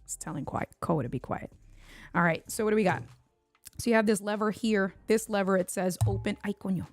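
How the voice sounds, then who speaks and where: A woman's voice: medium pitch, a little fast, no room sound, soft background music. A woman from Puerto Rico hosting a casual livestream unboxing at home, chatting and bantering with viewers in the chat. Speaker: tech livestream host.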